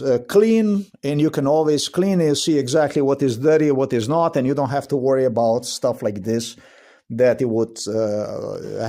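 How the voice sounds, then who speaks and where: A man's voice: fairly high pitch, a little mellow. A man, filming himself at home in an agitated, profane rant, repeating himself. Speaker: vlogger. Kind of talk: angry filmed rant. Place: inside his house.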